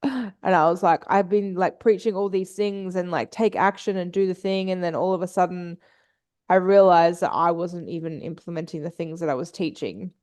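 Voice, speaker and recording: A woman's voice: on the low side, fairly even intonation, moderate pace, a little mellow. A woman guesting on a podcast, telling a personal story candidly and swearing freely. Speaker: podcast guest, business and mindset coach.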